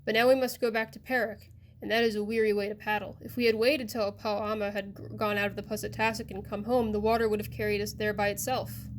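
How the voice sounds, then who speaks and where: A woman's voice: medium pitch, flat delivery, fast, slight background noise, lightly acted. A woman voicing a weary, lazy man in a canoe in a storybook reading, speaking plainly.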